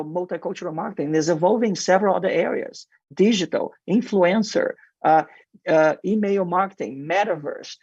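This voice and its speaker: A man's voice: a little high, darkish tone, dry recording, dull audio. A male marketing executive with a heavy non-native accent, answering radio interview questions in an earnest, explanatory way with frequent fillers.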